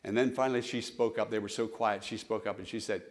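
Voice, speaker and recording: A man's voice: lowish voice, steady tone, quick pace, few pauses. A man preaching a sermon in a church, with emphatic repetition and call-and-response. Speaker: pastor. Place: church sanctuary.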